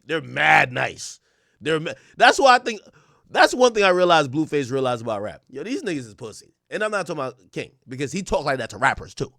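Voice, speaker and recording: A man's voice: fairly high pitch, sing-song, brisk, vocal fry, pushed and bright, no room sound, studio quality. A man hosting a live stream, reacting to a clip with rambling, laughing, profane commentary. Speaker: livestream host.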